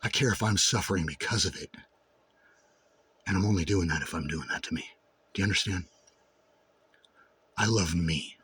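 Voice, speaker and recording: A man giving a raw personal monologue to camera, intense and full of swearing, dropping low and brooding, then rising to shouts. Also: a little hiss or hum. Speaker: vlogger.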